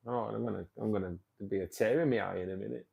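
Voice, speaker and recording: A man's voice: on the low side, fast talker, vocal fry, phone-quality sound. A middle-aged man hosting a live stream, chatting casually and rambling while reading out viewer comments with frequent laughs. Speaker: livestream host of a fishkeeping club.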